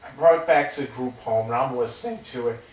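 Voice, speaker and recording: A man's voice: mid-range voice, fast talker, a little mellow. A man in his thirties rambling through a personal story, hesitant and casually swearing. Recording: roomy, distant from the mic.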